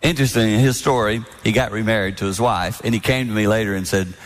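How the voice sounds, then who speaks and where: A man in his sixties giving a sermon-style talk on marriage, animated and storytelling, acting out other people's lines. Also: on the low side, quick pace. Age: 60s. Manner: animated storytelling with mimicked voices. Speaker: speaker at a marriage event. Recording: long hall reverb.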